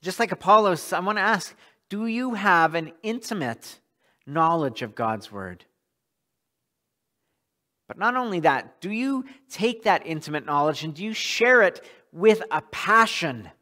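Earnest high-voiced male pastor preaching. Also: lively intonation, unhurried, pushed and bright. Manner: earnest, often repeats words while restarting. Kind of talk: sermon.

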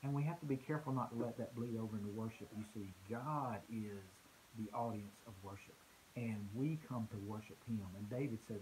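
A man's voice: fairly low pitch, fairly quick, a little mellow, slight background noise, rough recording. A man preaching a conversational sermon in church, earnest, often repeating words as he restarts a thought.

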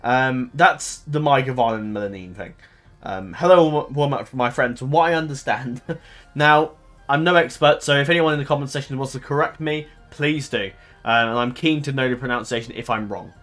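A man of middling pitch hosts a gaming channel and chats loosely with his audience. He wanders through his thoughts, stopping to fix his own phrasing and leaning on ums. Soft music plays faintly behind him. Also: normal speed. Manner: rambling, hesitant, self-correcting with many ums. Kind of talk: casual talk to viewers.

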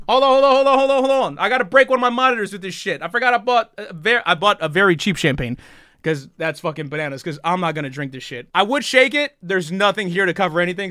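A young adult man live streaming, talking loudly and excitedly with lots of swearing and frequent shouts. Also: sits high, smooth, no echo. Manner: loud, profane and jubilant, often shouting.

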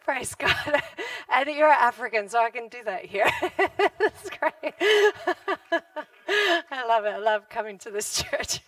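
A woman's voice: a little high, slow, dry recording, recorded from a distance. A middle-aged woman pastor preaching a sermon, telling stories with frequent laughter. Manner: laughs often, animated storytelling. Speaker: guest pastor. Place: church hall.

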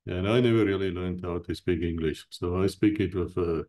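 A South African man with a low voice hosts in a loose, joking way and pokes fun at himself. His tone is dark and mellow. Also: moderate pace. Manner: jokey, rambling, self-mocking. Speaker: host. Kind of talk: casual chat, channel intro.

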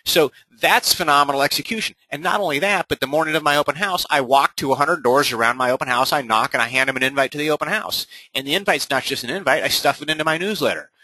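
A man coaching other real estate agents in a recorded sales webinar, punchy and energetic, who keeps checking in with "right?". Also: fairly high pitch, fast talker, few pauses, no room sound, low-quality recording.

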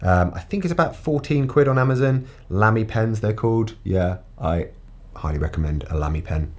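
A man's voice: fairly low pitch, expressive, moderate pace, a little mellow. A man in his forties chatting enthusiastically at home for his vlog. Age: 40s. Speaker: vlogger. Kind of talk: casual chat. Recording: music playing underneath.

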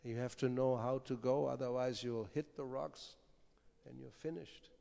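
A man gives a conversational scripture lecture, his gravelly, creaky voice carrying through the long reverb of a temple hall. He keeps checking in with his listeners through quick rhetorical asides. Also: mid-range voice, steady tone, warm tone. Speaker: spiritual teacher giving a scripture class.

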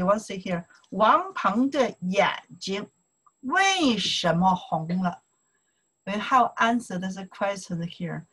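Mandarin-native woman tutor with a Chinese accent, unhurried and a little breathy, drilling phrases over and over. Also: on the low side, fairly bright tone, low-quality recording. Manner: slow, repetitive, drills pronunciation in Mandarin and broken English. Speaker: Chinese language teacher. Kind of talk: casual online language lesson.

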